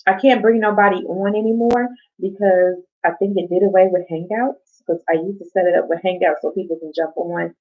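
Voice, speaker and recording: A woman's voice: fairly low pitch, fairly even intonation, a little fast, hardly any pauses. Rambling woman live-streaming on lo-fi audio. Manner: rambling, talks to viewers in chat, swears casually. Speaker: livestream host. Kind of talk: casual live-stream chat.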